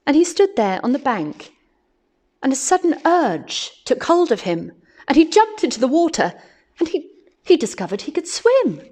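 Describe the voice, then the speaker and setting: A woman reading a picture book aloud to children, animated and expressive, often laughing. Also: high voice, moderate pace. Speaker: storyteller.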